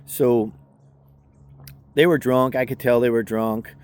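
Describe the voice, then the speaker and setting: With a Northern Irish accent, this man, a self-defense instructor, recounts something that happened to him, chatting loosely and leaning on filler words. He talks slowly in a smooth, darkish medium-pitched voice with fairly even intonation.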